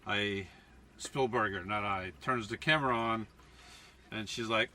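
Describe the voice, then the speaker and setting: A man's voice: lowish voice, a little slow, recorded from a distance, noisy background. A man chatting casually to his viewers as folks while cooking inside his camper van, often restarting and correcting himself. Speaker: van life vlogger. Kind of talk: casual cooking vlog talk.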